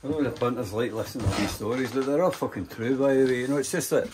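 A man's voice: mid-range voice, fast talker, background noise. An older Scottish man telling rambling, profane stories in casual conversation, full of fillers and asides. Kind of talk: casual storytelling.

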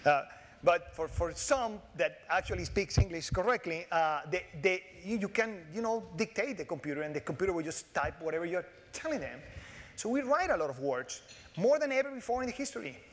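High-voiced Latino-accented man giving a keynote. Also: a little fast. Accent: Latin American Spanish. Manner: animated, joking, with frequent restarts and fillers. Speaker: keynote speaker. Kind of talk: conference keynote lecture. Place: large conference hall. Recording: long hall reverb.

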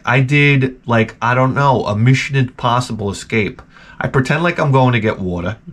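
A man hosting a video, telling a rambling, profane story full of restarts and acting out quoted people in a higher voice. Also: a bit bright. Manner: jumps up in pitch to act out quoted people. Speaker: video host. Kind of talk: casual rambling anecdote.

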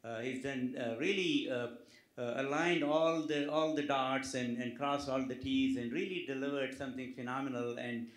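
A man's voice: mid-range voice, normal speed. A man, a physician with a non-native English accent, giving humorous closing remarks at a conference, hesitating with many fillers and restarts. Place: conference hall. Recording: echoey conference hall.

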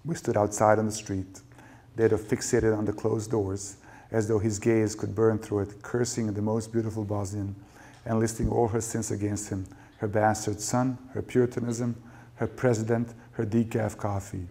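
A man reads his own fiction aloud to a lecture audience in a low voice. His delivery is measured and dry, and he lets each sentence land. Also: flat delivery, mellow. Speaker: novelist reading his work. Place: lecture event.

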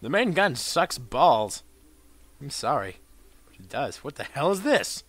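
Foul-mouthed gamer swinging to shouts. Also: male voice, mid-range voice, sing-song, unhurried, long pauses, breathy edge. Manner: profane, erupts into shouted insults at enemies; mutters dry asides between outbursts. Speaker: let's play gamer. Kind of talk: gameplay commentary.

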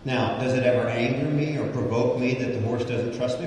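A man's voice: medium pitch, fairly quick, darkish tone, a little hiss or hum. A man preaching a sermon while working with a horse, emphatic, with dramatic swings in pace. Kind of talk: sermon with live horse demonstration. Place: indoor horse arena. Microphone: distant mic. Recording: distant mic in echoey arena.

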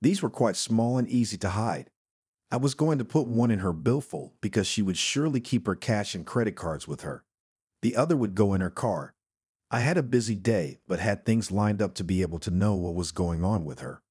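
A man tells a first-person story in a steady, plain manner. His voice sits on the low side and has a husky grain. The recording is close and dry with no room sound. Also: moderate pace, no room sound. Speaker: narrator.

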